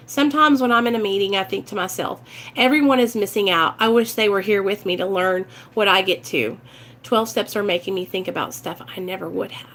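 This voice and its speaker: A woman's voice: mid-range voice, fairly quick, a bit bright. A woman with a Midwestern American accent talking earnestly and emotionally to her viewers in a casual livestream chat about recovery. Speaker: recovery vlogger.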